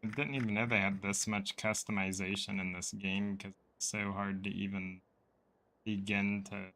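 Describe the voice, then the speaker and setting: Relaxed low-voiced male streamer. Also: moderate pace, a little hiss or hum, rough recording. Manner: relaxed, rambling chatter to a friend. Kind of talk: casual gaming stream chat. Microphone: desk microphone.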